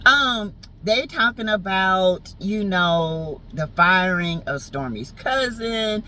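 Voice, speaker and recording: A woman's voice: medium pitch, animated, slow, sharp tone, a little hiss or hum, poor audio. A woman with a Southern US accent giving a sassy, teasing, slangy recap of a reality show in casual chat. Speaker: TV show reviewer.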